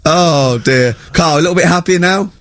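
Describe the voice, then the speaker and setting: A man hosting a radio show, telling stories in casual chat and acting out the shouting people in them. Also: fairly high pitch, normal speed, slight background noise. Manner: animated storyteller who acts out shouting characters. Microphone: studio microphone.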